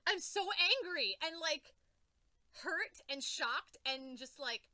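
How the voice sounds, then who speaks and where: Young woman venting about comics, bright voice, lots of exclaiming and swearing, dry close sound. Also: high-pitched, animated, slow, dry recording. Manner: exclaiming, swearing, repeating herself. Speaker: comic book reviewer. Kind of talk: emotional reaction rant.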